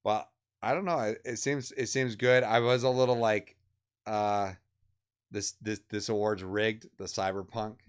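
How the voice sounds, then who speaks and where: A man in his thirties co-hosting a casual stream, laid-back and hesitant, with plenty of pauses and fillers. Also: fairly low pitch, steady tone, smooth. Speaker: stream co-host. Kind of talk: casual chat about video game awards.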